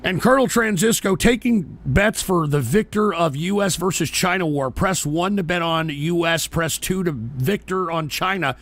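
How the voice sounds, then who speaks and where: A male host of a live political talk show, exasperated and profane as he yells back at trolling messages. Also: high voice, moderate pace, few pauses, dry recording.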